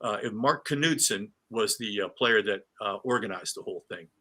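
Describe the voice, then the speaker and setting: Bright-voiced man telling stories. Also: fairly low pitch, normal speed. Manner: animated anecdotes with many restarts and fillers. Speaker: retired sportscaster, guest. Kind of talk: storytelling in a casual interview.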